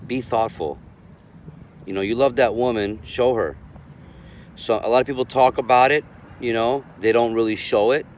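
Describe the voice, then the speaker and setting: A man's voice: medium pitch, normal speed, long pauses, a little mellow. A man in the middle of his vocal range talks through relationship tips in a loose, rambling way, often stumbling over and repeating words. He speaks outdoors, with faint street and traffic noise underneath. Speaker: relationship coach. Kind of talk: casual vlog advice.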